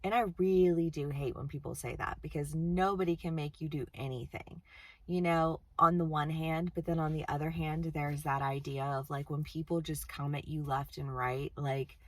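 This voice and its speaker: A woman with a lowish voice talks through a tarot reading in a loose, chatty way. She is blunt, swears freely and laughs often. Her voice sounds dry and close, with no room sound around it. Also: fairly even intonation, moderate pace, darkish tone, no room sound. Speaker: tarot reader. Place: outdoors-ish on a windy day.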